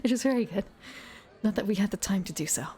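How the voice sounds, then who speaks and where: A woman softly reading game rules aloud in an ASMR whisper, musing to herself between passages. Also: mid-range voice, animated, quick pace. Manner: soft, musing asides between rule text. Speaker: ASMR reader. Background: faint ambient music.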